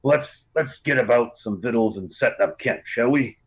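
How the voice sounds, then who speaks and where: A man's voice: mid-range voice, normal speed, close to an everyday voice. A man voicing a jovial male dwarf caravan leader, hearty and fatherly. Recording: dull lo-fi sound.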